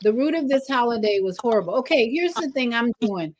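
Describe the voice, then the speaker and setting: A woman hosting a casual livestream talk show, animated, acting out greetings she gives strangers. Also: brisk, poor audio. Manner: animated, acts out greetings in a lively higher voice.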